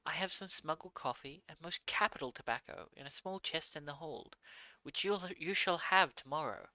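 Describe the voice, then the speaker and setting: A man voicing an eager, generous young sailor who exclaims excitedly in a storybook reading. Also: a little high, moderate pace, no echo, muffled recording, pitched above the performer's own voice. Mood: earnest.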